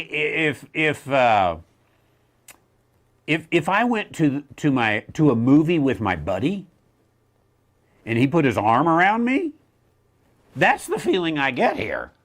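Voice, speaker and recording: A man hosting a Bible question show, talking in a blunt, wry way, with quick self-mocking laughs and mocking asides. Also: on the high side, sing-song, fairly bright tone. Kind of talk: casual teaching talk.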